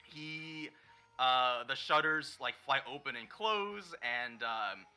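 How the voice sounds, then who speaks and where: A man's voice: mid-range voice, lively intonation, takes it slowly, sharp tone, smooth, soft background music. A man narrating a tabletop game as dungeon master, rambling with lots of fillers.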